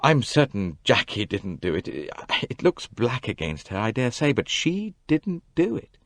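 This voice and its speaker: A man's voice: on the low side, very animated, no echo. A man reading an audiobook, voicing a bewildered, injured young man who stammers and halts. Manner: stammering, halting. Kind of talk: audiobook character voice.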